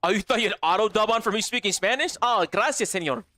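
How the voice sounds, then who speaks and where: A man with a high, bright, forceful voice running a live gaming stream. He talks straight to his chat in a brash, profane, joking way. The sound is dry and close, with no room around it. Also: rapid-fire, no echo. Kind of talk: casual livestream chatter.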